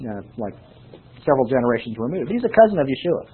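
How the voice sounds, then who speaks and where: A man preaching with a very raspy, husky voice that swings widely in pitch, sitting slightly high for a man. He teaches from scripture and keeps tossing rhetorical questions at his listeners. The sound is thin and tinny, like a phone line. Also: fast talker. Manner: animated, rhetorical questions to the congregation. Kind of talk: sermon Bible teaching.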